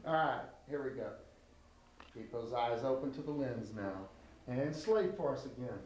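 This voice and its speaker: Blunt acting coach, echoey and distant. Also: male voice, medium pitch, animated, moderate pace, a little mellow. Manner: blunt, directive, acts out lines. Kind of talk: coaching an actor at an audition taping. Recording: echoey room, mic far off, faint hiss.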